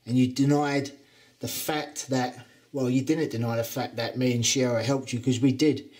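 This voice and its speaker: Swaggering Cockney wrestling trainer. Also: male voice, mid-range voice, fairly even intonation, moderate pace, darkish tone. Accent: Cockney London. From England. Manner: taunting, boastful, swears freely. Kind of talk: wrestling promo speech.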